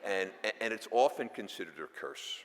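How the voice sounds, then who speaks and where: Very deep-voiced man speaking in a hall. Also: lively intonation. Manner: wry asides, halting restarts. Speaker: foundation board chair giving greetings. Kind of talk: formal ceremony speech. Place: large auditorium. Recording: long reverb of a large hall.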